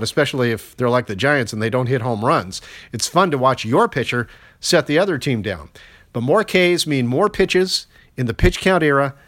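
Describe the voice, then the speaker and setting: An older man in his sixties talks through baseball on his podcast, easygoing and conversational. He slips in dry jokes between strings of numbers. His voice sits in an ordinary middle pitch. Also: fairly bright tone. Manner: conversational, wry asides, stats-heavy. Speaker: podcast host. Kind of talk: solo sports commentary.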